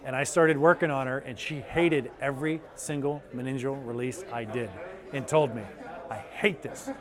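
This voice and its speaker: An eager, animated man speaks in a middle-pitched voice. He tells patient stories with energy and breaks into quick impressions of their reactions. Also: crowd noise. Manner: enthusiastic, animated storytelling with quoted patients. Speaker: chiropractor. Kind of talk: testimonial interview.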